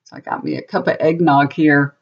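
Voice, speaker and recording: A woman's voice: sits low, fairly even intonation, a little fast. Chatty middle-aged woman, dull audio. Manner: chatty, rambling, laughs often. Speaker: tarot reader. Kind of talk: casual chat to viewers.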